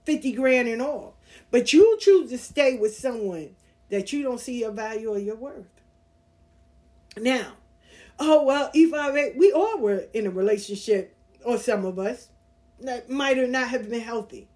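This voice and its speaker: A woman's voice: fairly high pitch, a little slow. A woman in her forties hosting a casual monologue, speaking bluntly and candidly as she tells personal stories. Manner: candid, blunt, animated storytelling with profanity. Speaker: podcast host.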